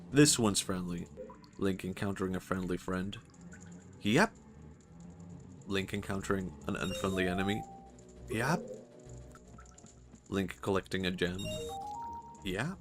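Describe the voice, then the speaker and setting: A man's voice: deep voice, moderate pace, over music. A man with a Swedish accent, chatting casually and jokingly while streaming a game, often laughing. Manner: rambling, jokey, laughs often. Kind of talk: casual gameplay commentary.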